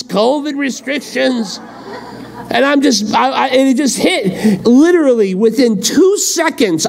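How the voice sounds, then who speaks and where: Animated high-voiced male pastor preaching. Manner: animated storytelling with acted-out quotes. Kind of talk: sermon. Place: church.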